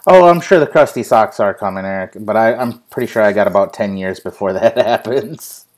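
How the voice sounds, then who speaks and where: A man's voice: on the low side, a little fast, darkish tone. A young man hosting a casual live show, telling a funny family story with plenty of swearing and laughter. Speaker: host.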